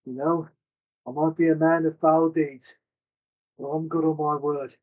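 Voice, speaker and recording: A man's voice: a little high, flat delivery, measured pace, a little mellow, voice pushed up, lightly acted. A man doing a groveling villain begging for mercy. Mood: pleading. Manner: desperate, wheedling, bargaining. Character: pleading male villain begging for his life.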